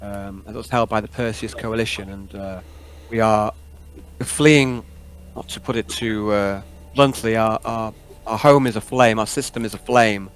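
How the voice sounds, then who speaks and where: A man voicing a frightened woman who captains a refugee ship and begs politely for help in halting, broken phrases. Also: on the low side, fairly even intonation, clean tone, close to an everyday voice. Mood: anxious.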